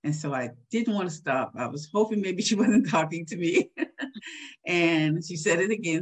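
A woman in her sixties, husky-voiced, recalling a personal story in a candid interview with a soft laugh now and then. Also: on the low side, moderate pace. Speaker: guest.

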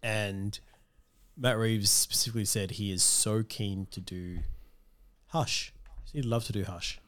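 A lower-pitched man hosts a relaxed podcast chat about films. He rambles a little and fills his gaps with ums. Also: a little slow. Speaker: podcast host. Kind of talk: casual chat about movie news.

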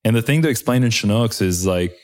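A man's voice: fairly low pitch, animated, a little fast, darkish tone. A man, a helicopter pilot, telling war stories in a laid-back, slangy way with casual swearing. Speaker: Chinook helicopter pilot, guest.

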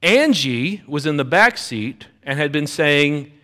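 Animated middle-aged male pastor telling a story. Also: on the high side, takes it slowly. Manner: animated storyteller, acts out quoted voices. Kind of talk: sermon with a personal story.

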